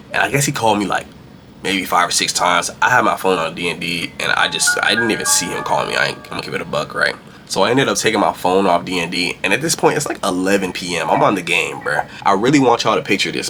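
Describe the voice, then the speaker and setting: A young man telling a personal story in a casual storytime monologue, slangy and profane, often breaking into loud exasperated rants. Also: low-pitched.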